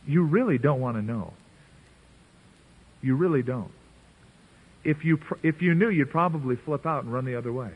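Preacher on a tinny radio broadcast. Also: male voice, on the high side, lively intonation, normal speed, long pauses, slightly rough. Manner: earnest, conversational preaching with playful voicing of biblical characters. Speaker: pastor. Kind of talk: sermon.

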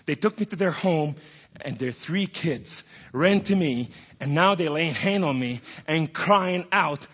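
This guest speaker from the Middle East preaches a dramatic testimony in a hall whose recording sounds dull and echoey. Theatrical, he alternates between quiet, hushed passages and loud bursts. His voice is slightly rough and a little high, animated but unhurried.

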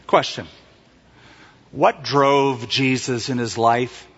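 A man preaching a sermon as a pastor, telling stories in an animated way and acting out the voices he quotes, recorded in a church sanctuary. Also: medium pitch, takes it slowly, slightly rough. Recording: reverberant hall, dull lo-fi sound.

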